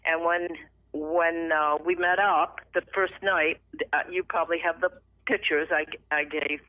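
A middle-aged woman telling her personal faith testimony as a radio guest, emotional and animated, acting out the voices in her story. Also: on the low side, unhurried, no room sound. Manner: emotional, animated retelling with lively acted quotes. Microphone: phone. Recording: tinny dry phone line.

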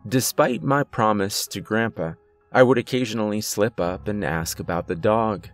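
A man narrating a horror story in a measured storytelling manner. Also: on the low side, soft background music.

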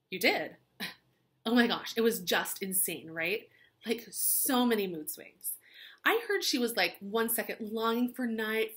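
A woman's voice: mid-range voice, fairly bright tone. A woman teacher retelling a play as gossipy valley-girl chatter, full of "like" and dramatic asides.

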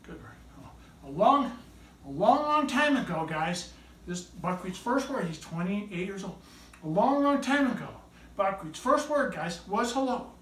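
A woman shows off her talking bird in lively, coaxing showman patter, praising it between tricks. Her voice sits at an ordinary pitch. The recording sounds roomy and distant, with a faint hiss underneath. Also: unhurried. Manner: animated, praises and coaxes the bird. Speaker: pet bird owner presenting tricks. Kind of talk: showman patter to a live audience. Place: indoor room with a pet bird. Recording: echoey room, mic at a distance, faint noise.

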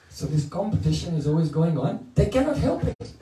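A man's voice: on the high side, very animated, fast talker, hardly any pauses, warm tone. Male teacher, playful storyteller, chants verses; roomy, off-mic sound. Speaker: spiritual teacher. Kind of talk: devotional lecture with chanting. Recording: echoey room, mic at a distance.

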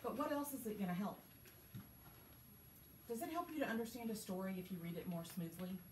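A woman teacher walks a small group through a reading lesson, encouraging and asking questions. Her voice sits at a middle pitch and comes from a distance. The classroom adds a roomy echo with faint background noise. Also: lively intonation, a little fast. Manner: encouraging, patient, asks questions. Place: school classroom. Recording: echoey classroom from far off.

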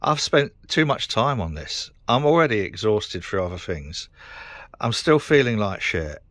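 A middle-aged British man rants to camera, frustrated and sweary, rambling from one complaint to the next. His voice sits fairly low, and the sound is dry and close. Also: big pitch swings, measured pace, fairly bright tone, no echo. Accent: British English. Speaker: vlogger. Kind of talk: casual rant to camera.

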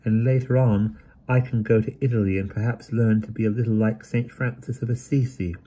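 Male reader playing a shy, hesitant young woman; breathy, a touch higher than his own voice. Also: fairly even intonation, brisk, warm tone. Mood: timid. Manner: hesitant, stammering.

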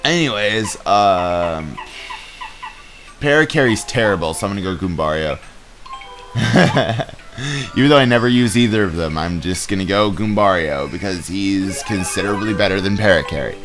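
A man's voice: sits low, lively intonation, normal speed. A young man giving casual, rambling commentary while playing a video game, joking and stumbling over his words with many fillers. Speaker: let's play gamer. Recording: game music playing behind.

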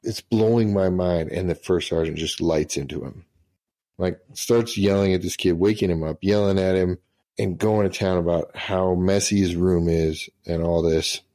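A man's voice: low-pitched, steady tone, normal speed, warm tone. A middle-aged man, a retired senior master sergeant, telling profane, laughing anecdotes in casual storytelling.

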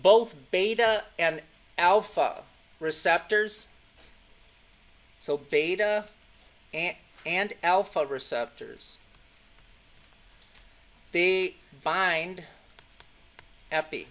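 A man's voice: sits high, very slow, long pauses, a bit bright. A man teaching an anatomy class, emphatic and repetitive, often checking that students are following along. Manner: emphatic, repeats key points, keeps checking students follow. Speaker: anatomy and physiology instructor. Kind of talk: classroom lecture.

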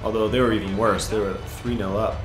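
A man commentating his own football video game, muttering then yelling with excitement, his voice going hoarse. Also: lowish voice, quick pace, roomy sound, over music. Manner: excitable, swings from mutters to shouts. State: losing his voice. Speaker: gaming YouTuber.

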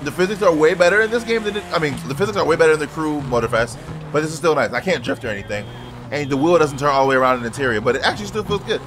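A man's voice: on the high side, expressive, very fast, background noise. A man hosting a racing game stream with friends, brash and joking, swearing freely as he plays. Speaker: gaming channel host. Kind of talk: casual gaming chat with friends. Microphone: headset or desk mic while racing sim.

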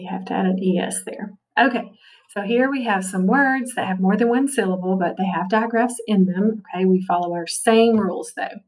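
A woman's voice: mid-range voice, far from the mic, poor audio. A woman teacher giving a recorded phonics lesson, patient and checking in with "okay" often.

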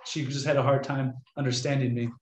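A young American man, a Catholic priest, telling stories to an audience in a chatty, animated way and acting out the voices of people he quotes. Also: mid-range voice, brisk, slight background noise. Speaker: Catholic priest giving a talk. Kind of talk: casual storytelling lecture. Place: room with an audience. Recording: echoey lecture room.

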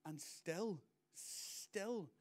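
A middle-aged man, preaching a sermon as pastor, moving between loud emphatic lines and quiet asides. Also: high voice, lively intonation, drawn-out words.

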